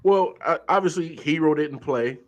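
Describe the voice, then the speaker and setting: A man hosting a casual late-night sports talk show, animated and filling his talk with hesitations. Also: on the high side, moderate pace, lo-fi sound. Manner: animated, hesitant with many fillers.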